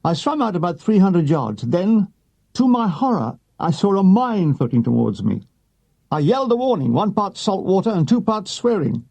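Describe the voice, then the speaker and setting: Gravelly husky man reading a memoir. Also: sits high, big pitch swings, normal speed, dark tone. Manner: dry comic delivery with voiced quotes. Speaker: audiobook reader. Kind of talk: reading a wartime memoir aloud.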